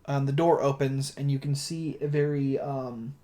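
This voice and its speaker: Laid-back game master, easygoing narration, mid-pitched voice. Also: steady tone, normal speed, dark tone.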